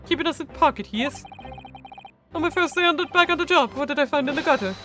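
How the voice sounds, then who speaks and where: A woman's voice: high voice, quick pace, sharp tone, faint music behind, voice pushed up. A woman voicing an earnest, lovesick young male police constable who reports for duty in a formal, soldierly way. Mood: eager.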